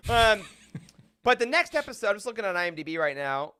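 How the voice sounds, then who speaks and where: Bright high-voiced enthusiastic male podcast host. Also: fast, clean tone, no echo, clean studio sound. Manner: enthusiastic, laughs often, animated asides. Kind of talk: casual podcast roundtable.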